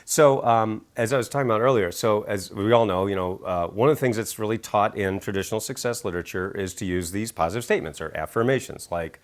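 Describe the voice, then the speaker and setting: A man's voice: quick pace, hardly any pauses. A middle-aged man, an author and speaker, telling stories in an interview with enthusiasm and acting out quotes. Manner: enthusiastic, acts out quotes with big pitch jumps. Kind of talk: animated storytelling interview.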